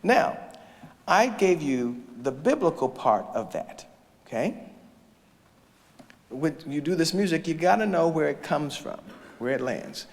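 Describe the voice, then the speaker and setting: A man's voice: on the high side, measured pace, gravelly, pauses often. A man giving a storytelling lecture as a choral conductor, acting out the voices of people he quotes. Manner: animated storyteller who acts out quoted voices. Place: large lecture hall or church indoors. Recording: long reverb of a large hall.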